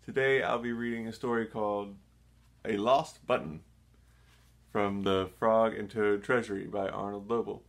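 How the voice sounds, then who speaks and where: A man reading a children's story aloud, gentle and measured. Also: fairly low pitch, steady tone, gravelly. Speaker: storybook reader. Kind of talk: children's read-aloud narration.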